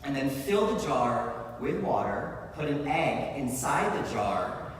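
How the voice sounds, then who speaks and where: A man voicing a calm female fortune-teller who gives instructions in a quiet, matter-of-fact way. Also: mid-range voice, slow, distant mic, a little hiss or hum. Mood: coaxing. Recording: echoey hall, heard from afar.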